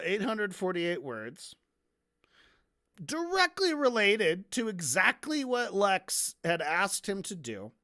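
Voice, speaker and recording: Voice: mid-range voice, a bit bright. A stream host going over a debate in casual, sarcastic commentary. The host swears freely and mocks the debaters by acting out their lines, and sips coffee between points. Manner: sarcastic and heavily profane; drinks coffee between remarks.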